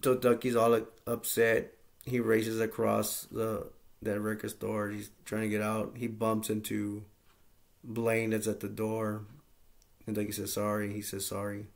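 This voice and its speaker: Brief: male vlogger recapping a film, low monotone with heavy vocal fry, rambling and unpolished. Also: unhurried. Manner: rambling, plain-spoken, with frequent fillers. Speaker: movie reviewer. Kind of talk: casual movie plot recap.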